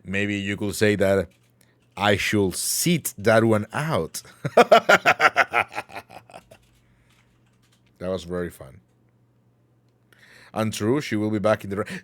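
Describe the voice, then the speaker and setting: A man's voice: lowish voice, lively intonation, slow pace, long pauses, fairly bright tone. A man hosting a livestream talk show, chatting casually and playfully with his chat, rambling and joking with mock anger.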